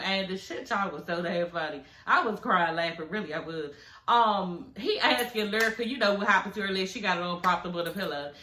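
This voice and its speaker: A woman doing an animated, profane, laughing recap of a reality show in casual chat. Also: medium pitch, reverberant, a little hiss or hum. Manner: animated, cussing, laughing often.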